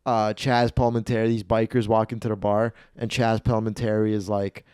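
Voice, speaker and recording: A man tells a comedy story on his podcast, swearing freely and acting out everyone he met. His voice comes across smooth and resonant. The sound is close and dry, with no room around it. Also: on the low side, moderate pace, no room sound. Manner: animated, profane, acts out the people in his stories. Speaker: podcast host.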